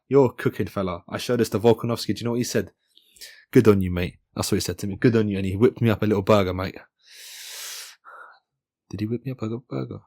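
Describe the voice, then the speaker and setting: Chatty man with a lowish voice. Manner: chatty and joking, with frequent self-corrections. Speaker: MMA channel host. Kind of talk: casual fight-analysis commentary.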